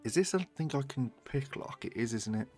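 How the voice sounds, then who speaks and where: A man's voice: mid-range voice, animated, a little fast, darkish tone, soft background music. A British man streaming a game, chatting casually, swearing and bantering with his chat. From Britain.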